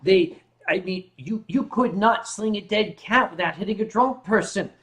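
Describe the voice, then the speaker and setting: Man, high pitch, livestream host, casual joking chat, reads viewer comments aloud. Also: moderate pace, low-quality recording. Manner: jokey, reads chat aloud, bursts into loud mock shouting.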